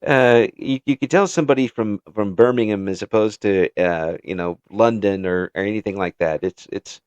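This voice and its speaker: A man's voice: fairly low pitch, normal speed, clean tone, no room sound, lo-fi sound. An American man hosting an interview in casual chat, stumbling over restarts and laughing often. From United States. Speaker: interview show host.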